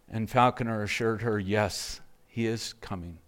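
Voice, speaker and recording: A man preaching a sermon in a slow, measured way, letting phrases drop to a hush at their ends. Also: lowish voice, fairly even intonation. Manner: slow, measured preaching, softening to hushed endings. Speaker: pastor.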